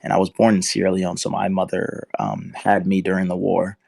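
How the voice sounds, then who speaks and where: A man's voice: low-pitched, monotone, brisk, creaky, a little mellow, dry recording. A man in his twenties, a football player and interview guest, telling his story in an earnest, emotional way. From United States. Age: 20s.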